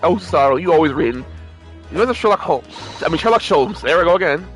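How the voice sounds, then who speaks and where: A man's voice: on the high side, lively intonation, fast talker, soft background music. Playful man reading game dialogue aloud. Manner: playful, joking asides. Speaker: streamer.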